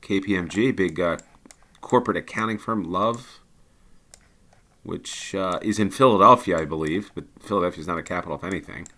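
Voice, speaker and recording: Male gameplay commentator, deep and crisp-edged, casual, hesitant, lots of ums. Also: fairly quick, sharp tone. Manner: thinking aloud, hesitant with many ums. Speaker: game commentator.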